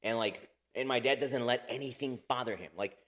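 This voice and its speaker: A man's voice: medium pitch, brisk, fairly bright tone. A man in his thirties co-hosting a podcast in casual chat, rambling, swearing a lot and laughing often. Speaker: podcast co-host.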